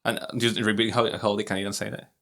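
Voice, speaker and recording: A man with a Mexican Spanish accent who speaks English as a second language, co-hosting a casual podcast. His voice sits a little low, and he often stops and restarts while he searches for the right words. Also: little pitch movement, fast talker, creaky, sharp tone. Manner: hesitant, frequent restarts, laughs easily. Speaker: podcast co-host, English learner. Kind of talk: casual conversational lesson.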